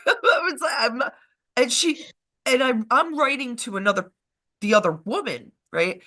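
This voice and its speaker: A woman co-hosting a live show, telling a rambling, animated story in casual chat, with swearing along the way. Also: a little high, moderate pace.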